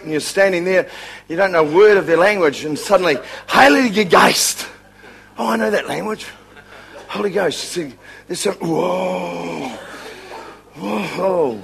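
A man's voice: high-pitched, creaky. A man preaching a humorous sermon as a revival preacher, joking and laughing often.

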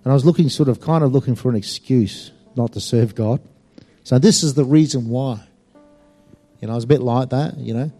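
Male speaker, warm-toned, emphatic testimony with lots of ums, soft music bed. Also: mid-range voice, brisk. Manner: animated and emphatic, with many fillers. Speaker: speaker giving a personal testimony. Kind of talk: storytelling testimony.

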